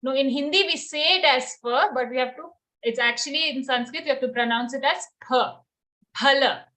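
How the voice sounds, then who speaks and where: A woman teaching an online recitation class over a video call, patient and clear. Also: sits high, brisk, bright, forceful tone. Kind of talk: live online class, answering questions.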